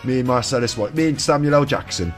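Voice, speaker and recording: A man's voice: mid-range voice, quick pace, faint music behind. A man with a West Midlands accent, a streamer who retells a film scene by scene in a loose, rambling comic way. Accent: West Midlands English. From England. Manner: rambling, jumps into silly quoted voices. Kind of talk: comic retelling of a film in his own words.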